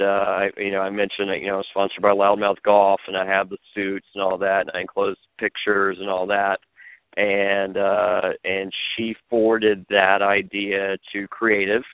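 Guy rambling thru stories on a podcast, lowish voice, dry tinny phone sound. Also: no echo. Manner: rambling, many restarts and fillers. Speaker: podcast guest, former reality show contestant. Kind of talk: casual interview storytelling. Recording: phone-like lo-fi audio.

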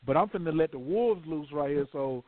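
A man's voice: on the high side, animated, a little fast. A man hosting a call-in show, talking in a loose, slangy, playful way. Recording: tinny phone line with faint hiss.

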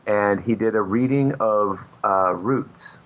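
A man's voice: on the low side, slow, lo-fi sound. A man who is a comic book artist, a guest chatting casually and rambling with many fillers. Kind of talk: casual chat.

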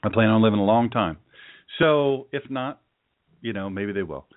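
A man's voice: on the low side, normal speed. Man, pastor, sermon, folksy, joking, rambling, tinny phone-like sound. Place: church with a live audience.

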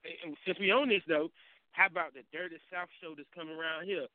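A man hosting a casual morning chat show, telling animated stories, mimicking people and laughing a lot. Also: a little high, fast talker, dry recording. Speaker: show host. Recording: tinny phone line.

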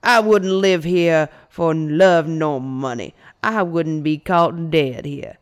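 A woman's voice: on the low side, normal speed, natural voice. A woman doing a brash drawling giant quarryman. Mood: indignant. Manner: loud, drawling tall-tale delivery. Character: belligerent giant male quarryman, gruff braggart.

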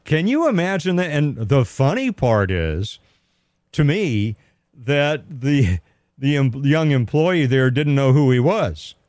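A man hosting a call-in radio show, talking in a measured, earnest way with hesitant restarts. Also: mid-range voice, very animated, darkish tone, no room sound, clean studio sound. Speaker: radio talk show host.

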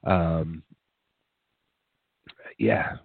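A man hosting a rock radio show, hoarse from a cold, rambling casually with lots of fillers as he wraps up. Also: very deep voice, animated, extremely slow, dry recording. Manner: rambling, filler-heavy, laid-back. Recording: dry, phone-like narrow sound.

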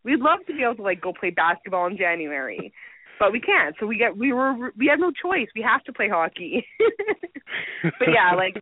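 A woman's voice: medium pitch, sing-song, fairly quick, breathy edge, no room sound. A young Canadian woman with a Canadian accent, chatting as a guest in a casual interview, laughing often and filling her talk with "like". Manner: giggly, lots of "like" fillers. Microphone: phone. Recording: tinny phone line.

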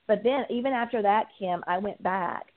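A woman's voice: mid-range voice, moderate pace. A woman guest and addiction recovery coach, giving an earnest, heartfelt personal testimony in an interview, with frequent ums. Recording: tinny phone-line sound.

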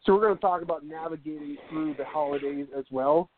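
A man's voice: fairly high pitch, fast talker, slight background noise. A man hosting a live radio show in a casual, joking, rambling way, with lots of fillers and restarts. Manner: jokey, rambling, with many fillers. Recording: tinny phone-like line, dry.

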